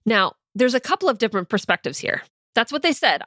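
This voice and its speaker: A woman's voice: fairly high pitch, big pitch swings, fairly quick, bright, forceful tone, no room sound, studio quality. A young woman in a teaching monologue, talking earnestly and casually as a mindset coach and acting out her own anxious thoughts in examples. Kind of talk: teaching monologue with personal stories.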